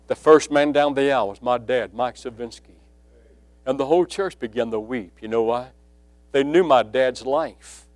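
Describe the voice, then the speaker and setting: A man preaching a sermon, telling a personal testimony and building from quiet storytelling to loud emphasis. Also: medium pitch, dry recording.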